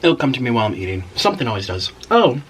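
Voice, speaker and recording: A man's voice: mid-range voice, sing-song, rapid-fire, noisy background. A man hosting an eating video, chatting casually and rambling while he eats and murmurs with each bite. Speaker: mukbang host.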